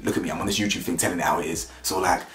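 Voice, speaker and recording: A man's voice: fairly even intonation, racing, a bit bright, echoey room. A man ranting about a reality show, blunt and mocking, mimicking the people he talks about. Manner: blunt, mocking, mimics cast members in high voices. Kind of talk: animated opinion rant.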